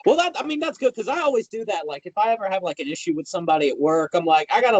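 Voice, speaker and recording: A man's voice: high voice, very animated, fast, few pauses, no room sound, poor audio. A man hosting a podcast in casual chat, reacting a lot and talking in loose, slangy, swearing speech. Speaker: podcast host.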